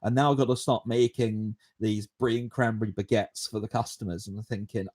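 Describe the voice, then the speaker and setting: A man in his twenties hosting a podcast, telling a rambling story and answering viewer questions in a casual, animated way, with frequent chuckles. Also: lowish voice, fairly quick, hardly any pauses. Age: 20s. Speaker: podcast host.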